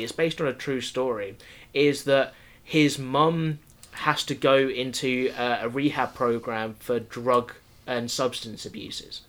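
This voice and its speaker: A man's voice: medium pitch, fairly bright tone. A man chatting casually about American football as a podcast co-host, rambling with many fillers and restarts. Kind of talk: casual sports chat.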